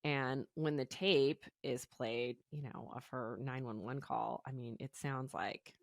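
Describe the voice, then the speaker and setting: A woman's voice: rumbling low, fairly even intonation, measured pace. A woman co-hosting a podcast, retelling a true-crime case in a chatty, casual way full of "you know" fillers. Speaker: podcast co-host.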